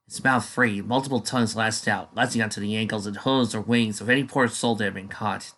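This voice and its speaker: A man's voice: lowish voice, steady tone, a little fast, a bit bright. A man casually reading a fan story aloud, dropping offhand asides between passages. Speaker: fanfiction reader.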